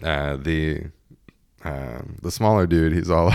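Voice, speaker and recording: A man's voice: very deep voice, fairly even intonation, normal speed, smooth, dry recording, clean studio sound. A young man in his twenties casually telling a story, laughing often and acting out what his friends said.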